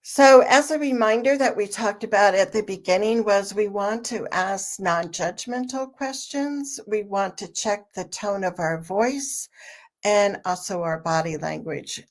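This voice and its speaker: A woman giving a relaxed online training talk for parents, explaining slowly with plenty of fillers. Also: medium pitch. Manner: slow, conversational explaining with frequent fillers; repeats a question with shifting emphasis.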